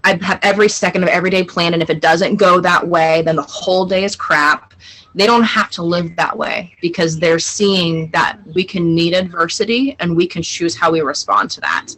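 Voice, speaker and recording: A woman in her thirties, a guest on a video-call interview, telling animated stories about her family. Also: on the low side, moderate pace, poor audio. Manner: animated storyteller, acts out family dialogue. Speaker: guest, client. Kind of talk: casual interview chat.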